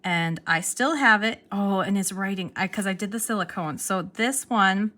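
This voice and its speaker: A young woman chatting excitedly in a casual show-and-tell vlog, restarting her sentences as she goes. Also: medium pitch, moderate pace. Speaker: pen vlogger.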